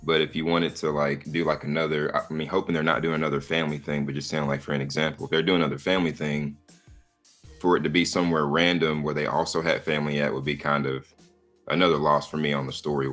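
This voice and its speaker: Very deep-voiced man, hesitant. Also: level tone, fast, fairly bright tone, faint music behind. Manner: hesitant, hedging, thinking aloud. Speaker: co-host. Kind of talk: casual movie discussion.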